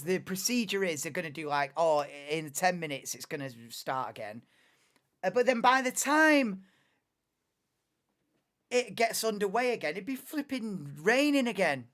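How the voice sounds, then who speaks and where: Young guy on a live stream, rambly and sweary, slightly high voice. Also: fairly bright tone. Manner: chatty, muttering asides, swears casually. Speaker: live watchalong host. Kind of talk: casual live commentary, chatting with chat.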